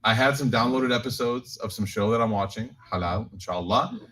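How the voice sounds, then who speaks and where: A man's voice: medium pitch, brisk. A man leading a Quran reflection for a community group, giving a casual religious talk full of jokes and personal stories that he tells straight to his listeners. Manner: animated, joking storyteller, addresses audience directly. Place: community gathering, live-streamed.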